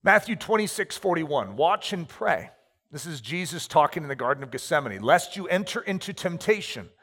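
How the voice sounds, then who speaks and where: A pastor giving an animated sermon, telling stories with acted-out asides. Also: male voice, on the high side, normal speed. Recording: reverberant hall.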